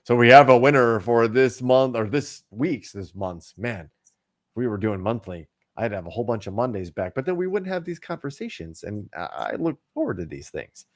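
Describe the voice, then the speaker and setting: A man's voice: medium pitch, expressive, moderate pace. A man co-hosting a casual news chat show, joking and rambling with plenty of restarts and fillers. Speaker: podcast co-host.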